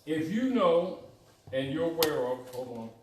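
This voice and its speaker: A man's voice: on the high side, big pitch swings, measured pace. A man giving a teaching lecture, emphatic and repetitive, often checking in with his listeners. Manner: emphatic, repeats points, asks "right?". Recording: echoey room from far off, faint noise.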